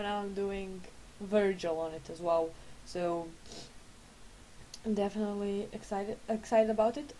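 A sleepy woman in her late twenties, a gaming vlogger just out of bed, chats casually at home, rambling and correcting herself. Her voice is mid-range and mellow, and the audio is poor with slight background noise.

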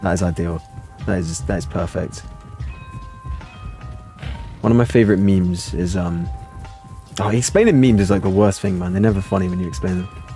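A man's voice: deep voice, normal speed, long pauses, mellow, faint music behind. A young man chatting casually on a game livestream into a desk mic, rambling and cutting himself off mid-thought. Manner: rambling, self-interrupting, chatty. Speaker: game streamer.

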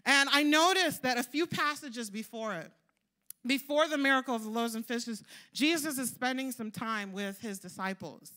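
High, bright-voiced woman preaching chattily. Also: normal speed. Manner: chatty, storytelling, lots of "like" and "you know". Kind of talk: sermon.

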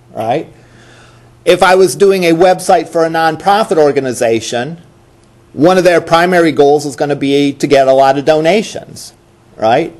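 A man's voice: fairly high pitch, a little mellow. A male college instructor giving a classroom lecture in a conversational way, asking the class questions and repeating the students' answers.

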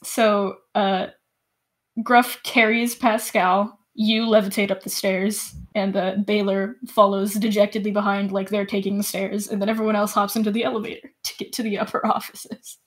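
Lady game master narrating a tabletop session, laughs a lot, mid pitch. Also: moderate pace. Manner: animated, laughs while narrating.

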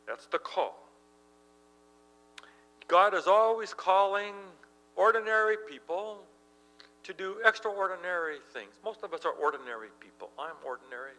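A middle-aged male pastor preaching a sermon, telling stories in an animated way and laughing as he tells them. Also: on the high side, big-room sound, rough recording. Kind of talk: sermon with storytelling. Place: church.

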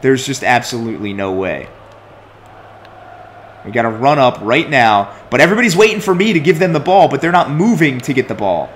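A man's voice: mid-range voice, expressive, brisk, slight background noise. A young man commenting on his own soccer video game play, complaining and swearing at his team. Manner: exasperated, complaining, swears often. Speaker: gaming commentator.

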